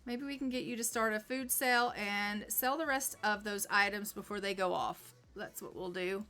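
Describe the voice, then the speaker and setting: A woman's voice: medium pitch, fairly even intonation, moderate pace, sharp tone. A woman hosting casual gameplay commentary, chatty and full of fillers like "like" and "um". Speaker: gaming channel host. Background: faint game music.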